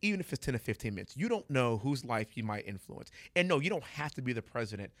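A man telling an animated story in casual podcast chat, laughing often and stumbling over his words. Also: mid-range voice, quick pace, no echo.

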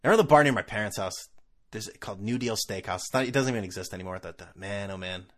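A man's voice: on the low side, quick pace. A man hosting a solo podcast, ranting casually in a sarcastic, profane, rambling way. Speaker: podcast host.

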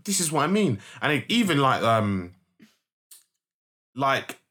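A young man with a London accent, telling stories in casual chat, slangy and animated, with swearing. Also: mid-range voice, unhurried.

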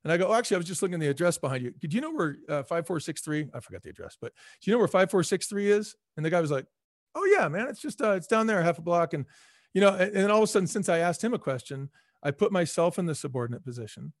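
A man speaking as a guest in a casual interview, telling stories with lively acted-out dialogue. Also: on the high side, very fast, no echo, studio quality. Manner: animated storyteller, acts out quoted dialogue. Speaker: former restaurant chain CEO, guest.

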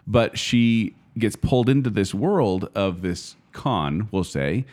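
A man co-hosts a casual conversation about films. His voice sits low but swings up and down a lot. He often restarts his sentences as he goes. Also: lively intonation, slow, darkish tone. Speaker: podcast co-host. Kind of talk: casual chat about movies.

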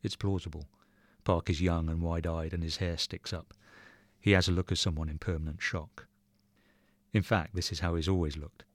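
A man reading a short story aloud in measured, even narration. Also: sits low, no room sound. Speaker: reader.

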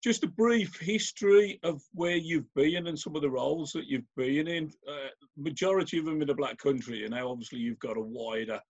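Man, host, slightly high voice, chatty and rambling, dull lo-fi audio. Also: brisk, hardly any pauses, breathy edge. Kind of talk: live online interview.

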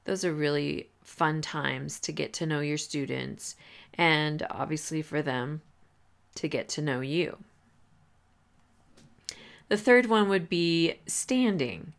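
A woman hosting a podcast, giving advice in a relaxed, conversational way with many fillers and restarts. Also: low voice, creaky. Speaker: podcast host. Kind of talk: casual advice talk.

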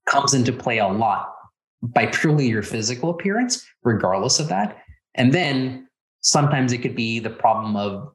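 A man's voice: mid-range voice, lively intonation, moderate pace, fairly bright tone. A man from Texas, a podcast guest in casual conversation, playfully acting out exchanges with strangers. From Texas, USA. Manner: playful, acts out quoted exchanges in a raised voice.

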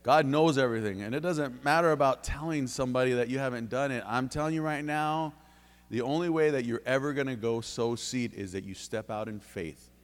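A man preaching a sermon in a church, fervent, dropping to low intimate tones and then rising to loud bursts. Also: fairly quick, in a large hall. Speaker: lay preacher giving testimony. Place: church sanctuary.

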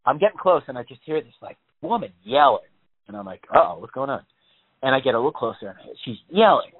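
Man, casual podcast chat, rambling, swears a lot, mid pitch, tinny phone-like sound. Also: very animated, fast talker, slightly rough. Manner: rambling, profane storytelling.

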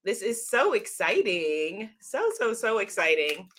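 A woman hosting a casual livestream, gushing excitedly and talking to her viewers. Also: mid-range voice, unhurried. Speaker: livestream host unboxing a tarot deck.

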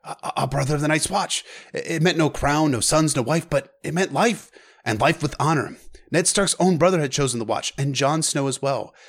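A man's voice: a little high, brisk, breathy edge. A man voicing a desperate young nobleman prince who stammers and restarts as he talks. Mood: hopeful musing.

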